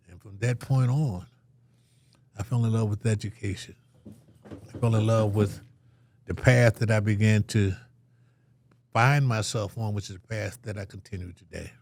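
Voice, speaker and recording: Older man with a gravelly low voice. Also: darkish tone, dry recording. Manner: vivid storyteller acting out quoted voices. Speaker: interview guest. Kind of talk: storytelling in an interview.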